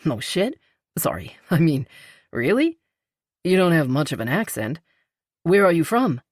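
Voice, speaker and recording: A woman narrator voicing a veteran male firefighter in a romance audiobook, friendly and low-key. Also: big pitch swings, a little slow, dry recording, studio quality, heavily acted. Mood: reassuring. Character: man, veteran firefighter, easygoing and earnest. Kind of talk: audiobook character reading.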